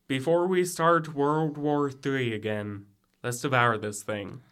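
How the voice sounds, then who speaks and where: A man's voice: medium pitch, fairly even intonation, slow, a bit bright, clean tone. A young man acting a sarcastic frat brother in a college audio drama, with dry quips. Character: wry young male frat brother Jimmy. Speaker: student actor in audio drama.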